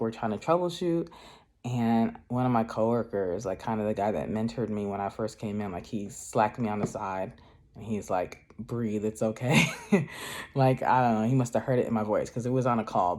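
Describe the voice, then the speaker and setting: A man's voice: on the low side, darkish tone. A man chatting casually in a craft vlog, rambling with many filler words and frequent laughs. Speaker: craft vlogger.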